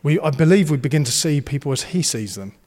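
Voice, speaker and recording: A man's voice: on the high side, animated, quick pace, darkish tone. Guy preaching in a church hall, earnest and jokey, reverb trailing off. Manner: earnest and encouraging, with playful banter. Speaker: pastor. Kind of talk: sermon.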